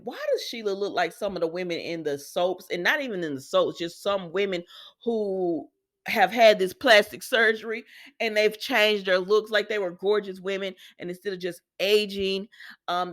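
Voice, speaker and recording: A woman's voice: medium pitch, normal speed, fairly bright tone. A woman giving a casual, chatty soap opera recap, storytelling with lots of asides and quoted dialogue.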